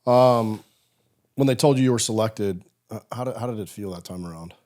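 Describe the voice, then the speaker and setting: A man's voice: lowish voice, fairly quick, darkish tone. A male podcast host asking direct questions in an interview.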